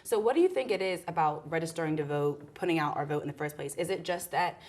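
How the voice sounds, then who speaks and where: Young woman host, low voice, casual student panel, long open questions. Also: fast talker, a little mellow. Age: young adult.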